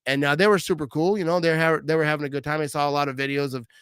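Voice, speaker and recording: Excitable man, fairly high voice. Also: racing, smooth, no echo. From Wisconsin. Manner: excitable, slangy, says "bro" and "you know what I mean" a lot. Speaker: show host reading fan messages. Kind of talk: casual sports talk show.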